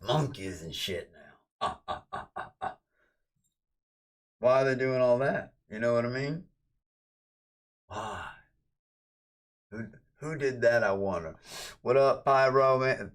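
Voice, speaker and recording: A man's voice: on the low side, a bit bright. A man chatting casually on a livestream, rambling and ranting, cursing freely and thanking viewers.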